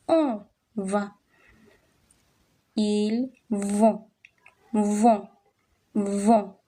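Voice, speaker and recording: A woman teaching French at a board, patiently repeating words slowly for learners. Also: medium pitch, dark tone. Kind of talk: slow classroom explanation at a board.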